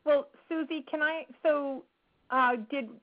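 A woman interviewing a guest, asking halting questions with many restarts. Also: sits high, fairly even intonation. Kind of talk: casual interview. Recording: tinny phone line.

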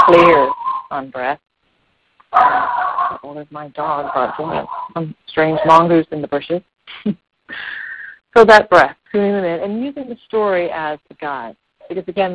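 A children's yoga and meditation teacher speaking calmly and unhurriedly, explaining breathing and guiding the body with fillers and repetitions. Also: mid-range voice. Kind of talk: calm explanatory talk. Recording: dull dry lo-fi recording.

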